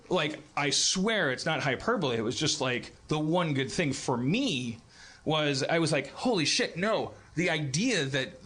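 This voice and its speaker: Man, 40s, live comedy podcast host; bright tone, pitch sits a bit high, rambling, self-interrupting delivery. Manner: rambling, self-interrupting, mocking shrill impressions. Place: live venue stage.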